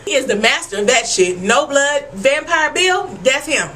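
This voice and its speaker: A woman giving an animated, profane recap of a TV episode, talking straight to her viewers. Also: high voice, normal speed, slight background noise, low-quality recording. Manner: animated, profane and emphatic, addressing viewers as y'all. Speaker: TV episode reviewer. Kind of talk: casual TV recap vlog.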